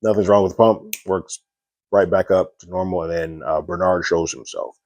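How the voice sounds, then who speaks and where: A man's voice: sits low, steady tone, normal speed, a little mellow, no room sound, lo-fi sound. A man giving a casual spoken review of a TV episode, recapping scenes loosely with lots of fillers and quoted dialogue.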